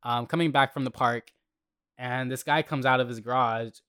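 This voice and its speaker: A young man hosts a podcast and rants through his neighborhood stories. He sounds heated and animated and swears freely, at an ordinary pitch for a man. The voice comes across close and dry, with no room sound. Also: normal speed, clean tone, dry recording. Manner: heated, profane, animated storytelling. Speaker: podcast host. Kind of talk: casual storytelling rant.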